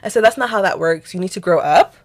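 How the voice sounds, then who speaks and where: Speaking at medium pitch and a fast clip, a young Nigerian woman recounts a quarrel for her podcast audience. She's a co-host, and her casual storytelling is lively and profane as she voices each side.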